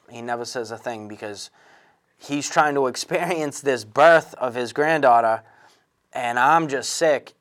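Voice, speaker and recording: A man in his thirties telling his own recovery story in an earnest, halting way, with frequent restarts and fillers. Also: medium pitch. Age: 30s. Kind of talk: candid personal testimony.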